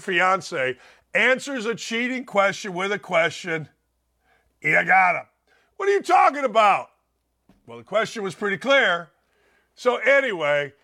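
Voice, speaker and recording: Older male sports radio host; high, bright tone; blunt, animated storyteller. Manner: blunt, animated storyteller who acts out quotes. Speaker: sports talk show host. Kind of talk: opinionated sports radio talk.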